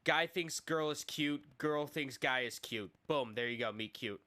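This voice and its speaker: A man co-hosting a casual podcast, recapping a movie in an excitable, rambling way. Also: medium pitch, a little slow. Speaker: podcast co-host. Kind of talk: casual chat.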